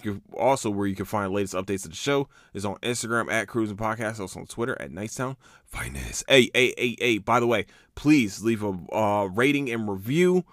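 A man hosting his own podcast, talking casually and excitedly, swearing often and restarting his sentences as he rambles. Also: fairly low pitch, no echo, clean studio sound. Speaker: podcast host. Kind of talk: casual solo podcast chat.

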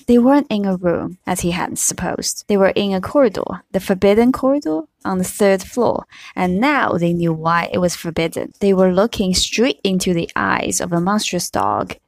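A woman reading a novel aloud with her own comments, in steady storytelling. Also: lowish voice, gravelly, no room sound. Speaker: reader.

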